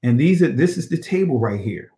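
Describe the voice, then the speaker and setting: A man's voice: mid-range voice, animated, a little fast, mellow, roomy sound. A man teaching a scripture study lesson on ancient Hebrew, reading passages aloud and checking in with "all right?" and rhetorical questions.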